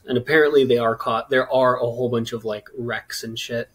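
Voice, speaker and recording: A man's voice: medium pitch, steady tone, fairly quick. A man on a casual comedy podcast, laid-back, chiming in and telling a story. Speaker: podcast co-host.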